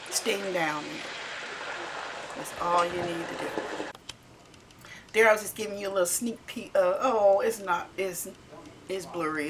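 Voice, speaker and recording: Speaking at a medium pitch with noise behind her, this woman from Carolina, US, in her 60s, narrates a home cooking video. She sounds homey, uses folksy grammar, and repeats herself a fair bit.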